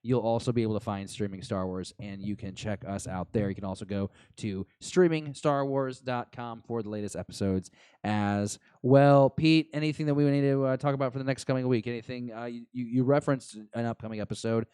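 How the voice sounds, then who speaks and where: Smooth-voiced rambling male podcast host. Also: mid-range voice, a little fast, dark tone, no room sound. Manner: rambling, filler-heavy, self-deprecating. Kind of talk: casual podcast chat.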